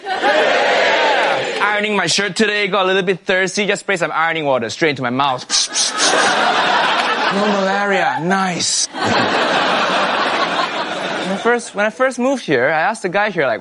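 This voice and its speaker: A man's voice: high-pitched, expressive, moderate pace, long pauses, over a noisy crowd. A man from Malaysia doing a stand-up set in a casual, chatty way. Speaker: stand-up comedian. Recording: noisy stage recording with a laughing audience.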